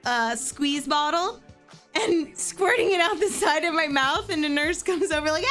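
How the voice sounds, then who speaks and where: A woman in her thirties from Pennsylvania telling a personal story in a casual, animated way, using "like" constantly. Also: very high-pitched, moderate pace, faint music behind. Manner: animated, filler-heavy with frequent "like".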